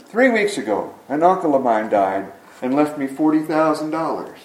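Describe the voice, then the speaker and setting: A man's voice: on the high side, big pitch swings, normal speed. A preacher putting on a miserable moaning man. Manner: mournful and complaining. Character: miserable grown man moaning over his luck. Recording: echoey room, mic at a distance.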